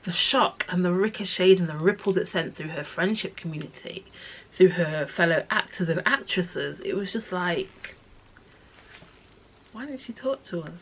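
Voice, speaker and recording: Woman, young adult, quiet grieving voice, halting delivery, drops to near-whisper, personal vlog. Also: on the low side, slight background noise. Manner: soft-spoken, halting and grieving, often dropping to a near-whisper. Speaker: vlogger sharing personal experience. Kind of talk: personal talk to camera.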